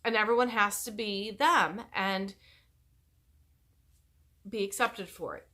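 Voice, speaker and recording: A woman's voice: mid-range voice, slow pace, sharp tone. A middle-aged woman talking casually to camera, chatty and rambling, often stopping and restarting her sentences. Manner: chatty, rambling, self-interrupting. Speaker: YouTuber.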